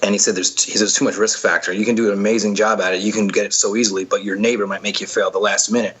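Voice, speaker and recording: A man's voice: on the low side, little pitch movement, very fast, a bit bright, husky, rough recording. A man telling stories from an obstacle race in a casual, rambling way, full of fillers and restarts. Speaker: podcast guest, obstacle racer. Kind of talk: casual storytelling chat.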